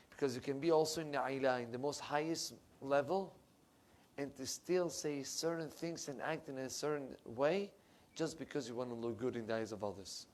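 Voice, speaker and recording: A middle-aged male rabbi preaching a sermon in a synagogue, animated and emphatic, swinging from loud to soft. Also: mid-range voice, normal speed.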